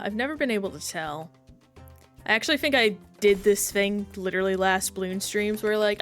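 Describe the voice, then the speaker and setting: A woman streamer talks through her game in a loose, rambling way, pausing to thank chat and muse about herself. Her voice sits in a middle pitch, with faint music playing behind her. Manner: chatty, self-reflective, reads chat aloud. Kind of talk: casual gaming stream chat.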